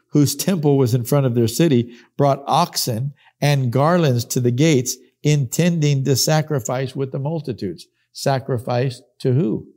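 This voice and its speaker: Emphatic preacher man, mellow voice. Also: medium pitch. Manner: emphatic, repeats key phrases, acts out quoted speakers. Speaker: Bible teacher. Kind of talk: sermon teaching.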